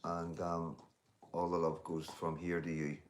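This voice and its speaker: A man's voice: sits low, little pitch movement, a little slow, a little hiss or hum. A man, hosting a casual livestream and talking bluntly to viewers, swearing freely as he reads out their comments. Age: 50s. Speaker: livestream host.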